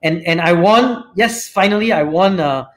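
A show host who is also a company CEO speaks in Malaysian-accented English, his voice slightly high for a man, during a casual live chat over a video call. At a normal speed, he rambles through stories, filling them with "you know" and tagging nearly every thought with "right?"

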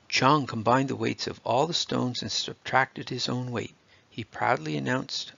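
A man reads a storybook aloud in a steady, expressive way. His voice is deeply gravelly and husky. The recording is dry and a little dull. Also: measured pace, dry recording. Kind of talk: scripted storybook narration.

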